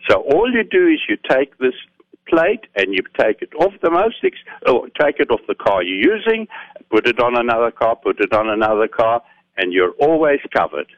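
A man calling in to a radio show, telling an animated story with many pauses. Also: medium pitch, no room sound. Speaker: caller. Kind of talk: phone-in call. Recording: muffled phone-in line.

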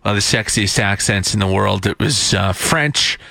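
A man's voice: lowish voice, measured pace, creaky, bright, forceful tone, dry recording. A man hosting a morning radio show, chatty and teasing his co-hosts.

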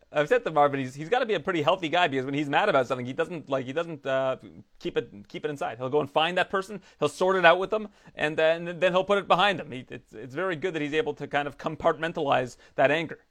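A man's voice: fairly high pitch, fast, fairly bright tone. A man interviewing a fighter, friendly and chatty. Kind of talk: interview questions.

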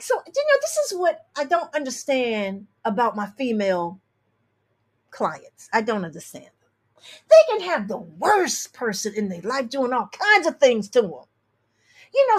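A woman astrologer hosting a show, reading listener emails and giving blunt, sassy advice with emphatic repeats. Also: high voice. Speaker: astrologer and tarot reader host.

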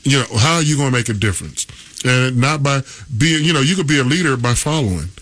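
A man's voice: mid-range voice, animated, fast talker, a bit bright. A man on sports radio telling a locker-room story, laughing often and acting out his teammates' lines. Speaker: radio guest.

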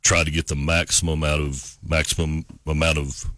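A man in the wine business, a guest on a morning radio show, explaining wine pairings in a measured way. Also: a bass voice, little pitch movement, a bit bright, no room sound, studio quality. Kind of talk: casual radio chat.

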